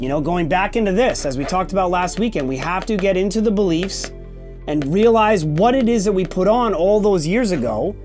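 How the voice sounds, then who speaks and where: A man's voice: sits high, a little mellow. A man in his forties hosting a podcast, telling a candid personal story in a blunt, emphatic way, often checking in with "okay?" and swearing casually. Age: 40s. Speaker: podcast host.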